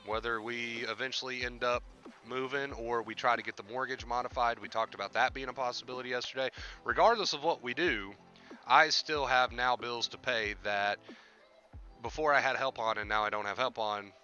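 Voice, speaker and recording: A man talks straight to his live-stream audience, earnest and heartfelt while still in grief. His voice is sharp and bright at a middling pitch, and he circles back on his own phrases. Faint music sits behind him. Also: steady tone, normal speed, muffled recording. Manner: earnest and heartfelt, repeats himself for emphasis. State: grieving. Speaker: YouTube live-streamer hosting a mental-health Q&A. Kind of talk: casual live-stream talk to viewers.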